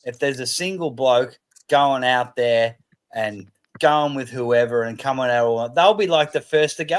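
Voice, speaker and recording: Animated man telling stories. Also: mid-range voice, unhurried. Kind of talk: casual chat.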